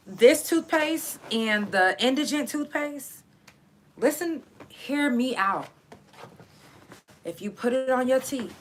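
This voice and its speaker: A woman's voice: mid-range voice, a little hiss or hum. A woman hosting a live chat show, telling stories in a loose, profane way, laughing often and stretching words out for emphasis. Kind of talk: casual storytelling to a live audience.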